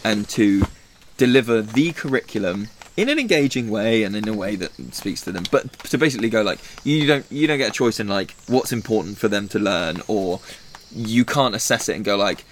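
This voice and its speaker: This forest school leader and ex-teacher talks in a fairly quick, lowish voice with lively intonation, and a faint hiss or hum sits under the recording. It's a casual, rambling chat where he keeps cutting himself off and acts out the things people said.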